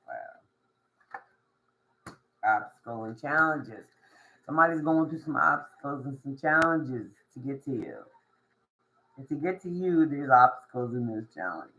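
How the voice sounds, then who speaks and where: A woman giving a casual tarot reading to camera. She talks in a slangy, drawn-out way, swears, and laughs often between thoughts. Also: low voice, fairly bright tone, low-quality recording. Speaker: tarot reader.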